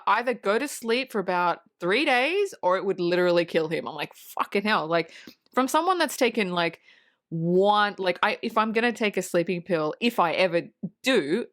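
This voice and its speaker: A woman co-hosting a podcast, casually recapping a film with lively retold scenes, frequent swearing and laughter. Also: mid-range voice. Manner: swears freely, laughs often; animated storytelling with acted quotes. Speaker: podcast co-host. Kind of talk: casual film review chat.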